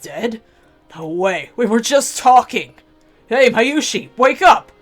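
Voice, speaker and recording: A woman voicing an excitable young male otaku friend in a visual novel read-aloud, with a loose, blunt, emotional manner. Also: on the high side, slow, soft background music, voice pushed up. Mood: panicked.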